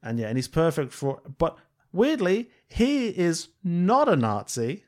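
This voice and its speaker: A man's voice: a little high, wildly swooping pitch, unhurried, darkish tone. A man co-hosting a podcast, talking in a rambling, casual way with many fillers and frequent laughs. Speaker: podcast co-host. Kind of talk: casual film discussion chat.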